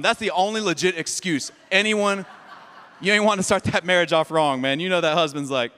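Male pastor, high bright voice, animated sermon, long hall reverb. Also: brisk. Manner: animated, joking and sarcastic, repeats words. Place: church sanctuary.

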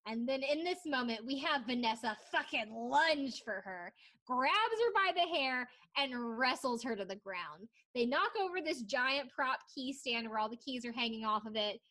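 A young woman co-hosting a casual podcast, telling a reality TV story with lots of swearing and acted-out quotes. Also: fairly high pitch. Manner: animated storytelling, swears freely, acts out quotes. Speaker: podcast co-host. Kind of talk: casual chat recapping reality TV.

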